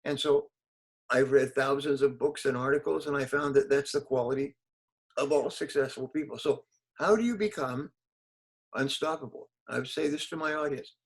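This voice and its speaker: A man's voice: medium pitch, normal speed, low-quality recording. An older man, a motivational speaker, answering interview questions in an emphatic way, repeating key phrases and acting out quotes.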